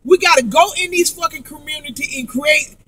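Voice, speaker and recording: A woman's voice: sits high, brisk, sharp tone, recorded from a distance. A woman vlogger in a profane, angry monologue, repeating herself and stumbling through restarts. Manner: profane, emphatic, repetitive, with heavy stammered restarts.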